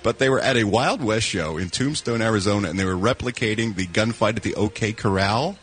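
A man's voice: fairly low pitch, brisk, fairly bright tone. A man reporting showbiz news on a radio show, telling his stories in a joking way and laughing through them. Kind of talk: casual radio banter.

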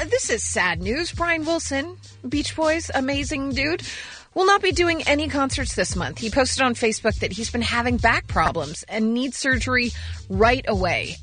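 A woman co-hosting a radio show, reading entertainment news in casual chat, animated and sarcastic, quick to laugh. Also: on the high side.

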